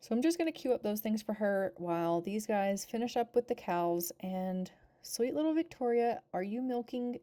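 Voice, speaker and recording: Animated and warm, a woman with a medium-pitched voice speaks at a moderate pace. As a gaming channel host using a home voice-over mic, she gives a casual voice-over of a life-simulation game, talking to and cooing over her characters.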